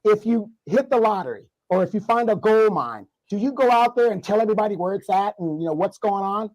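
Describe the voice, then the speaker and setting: A man with a congested, hoarse voice, guesting on a livestream discussion and ranting in mock outrage. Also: high-pitched, lively intonation, a little fast, darkish tone, poor audio. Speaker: guest commentator.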